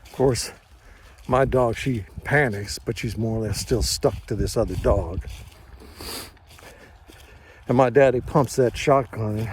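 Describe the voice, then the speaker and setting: An older man tells a first-person story slowly and measuredly, in a plainspoken, folksy manner. His voice is mid-range, with a little hiss or hum in the recording.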